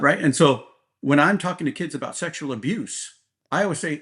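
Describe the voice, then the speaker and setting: A blunt, plain-spoken man speaks candidly as a police officer guest in an interview. His voice sits in an ordinary middle pitch, and he keeps tagging his points with a quick "right?". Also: lively intonation, a bit bright.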